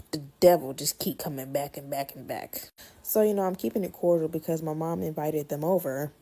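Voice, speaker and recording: A woman recounting a family story in a casual, animated way, blunt and quick to swear. Her voice is gravelly and husky, with a low, dark tone. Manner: animated, blunt, swears freely, repeats words for effect.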